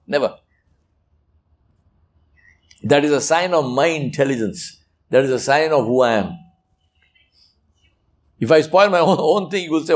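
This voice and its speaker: Male preacher, lively emphatic delivery with acted-out asides. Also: fairly high pitch, normal speed, pauses often. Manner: animated, emphatic, acts out quoted speech. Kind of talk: religious talk.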